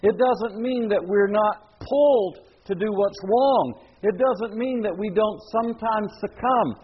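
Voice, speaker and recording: A man's voice: sits high, a little slow, dull audio, a little hiss or hum. A man preaching a sermon in an earnest, emphatic way, asking the listeners questions. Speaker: pastor.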